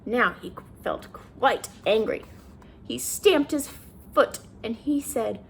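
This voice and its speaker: A woman reading a children's picture book aloud, pausing to ask the listener questions. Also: fairly high pitch, vocal fry, slight background noise. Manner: animated, asks the listener questions. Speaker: children's story reader. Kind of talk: read-aloud storytime.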